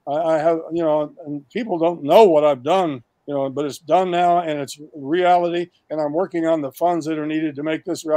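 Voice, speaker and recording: Animated older man pitching eagerly. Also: dry recording. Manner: animated, emphatic listing, restarts. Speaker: guest. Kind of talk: enthusiastic pitch of a project.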